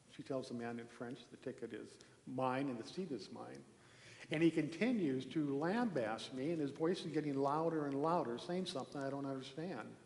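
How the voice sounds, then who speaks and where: A man giving a relaxed, conversational sermon from a temple hall, telling a story with pauses and restarts. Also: medium pitch. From Norway. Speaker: minister giving a talk. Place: large echoey temple hall. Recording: echoey hall with long reverb.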